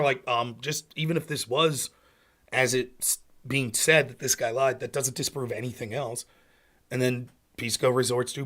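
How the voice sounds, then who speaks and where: An American man hosting a political livestream, ranting in an animated, mocking way and sometimes calling himself half asleep. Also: mid-range voice. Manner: animated, mocking, slips into loud mocking quotes of opponents. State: sleepy.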